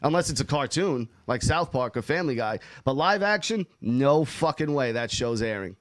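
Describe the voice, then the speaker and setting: A man's voice: mid-range voice, expressive, moderate pace, no echo. Man, podcast host, swearing a lot, emphatic, dry close sound. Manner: profane, emphatic, rambling. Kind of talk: casual chat.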